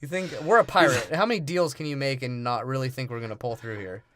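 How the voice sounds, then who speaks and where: Male co-host recapping scenes with crude humor, middle pitch, dry close-miked sound. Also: quick pace, a bit bright, no echo. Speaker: podcast co-host. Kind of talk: casual movie-review banter.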